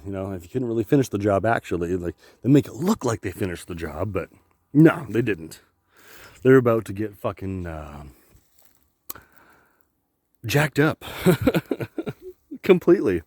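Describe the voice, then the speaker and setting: A man rambling through a loose, profane solo monologue, cracking himself up as he goes. His pitch swings widely and lively. The sound is dry and close to the mic. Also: measured pace, pauses often, dry recording. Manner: joking, profane, laughs often. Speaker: vlogger.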